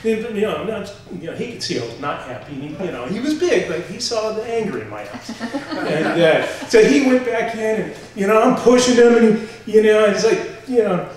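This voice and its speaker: An older man tells a story on a live stage, animated and full of fillers as he acts out what people said. His voice sits a little high for a man, and it comes through from far off in a very echoey hall. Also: fairly quick. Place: stage before a live audience.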